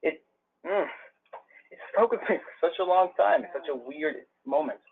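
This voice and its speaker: Man participant, high voice, reflective, raspy on a phone line. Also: moderate pace. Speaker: webinar participant. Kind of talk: personal anecdote.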